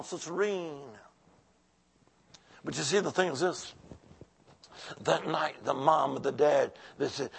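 A male preacher delivering a revival sermon, calling out to the congregation and telling a healing story, shifting between shouted exclamations and hushed narration. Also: high voice. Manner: exuberant, call-and-response, drops to soft storytelling.

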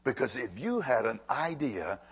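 A man's voice: medium pitch, big pitch swings, normal speed, breathy edge. A man preaching a sermon, earnest and repeating phrases for emphasis. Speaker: pastor.

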